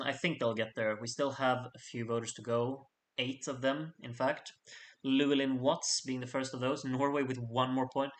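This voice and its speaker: Male host, middle pitch, casual vote-by-vote commentary with playful asides. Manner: chatty, jokey asides to the audience. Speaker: host reading out fan contest votes. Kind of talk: casual live voting commentary.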